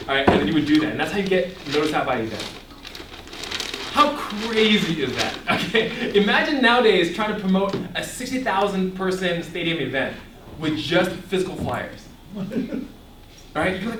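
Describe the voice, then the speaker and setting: A young man with a fairly high voice gives an animated teaching talk, quizzing his listeners and laughing often. He sounds set back from the mic in an echoey room, with a faint hum of ambience behind him. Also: moderate pace, distant mic. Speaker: ministry speaker. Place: echoey room before a live audience. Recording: echoey room, voice picked up from afar.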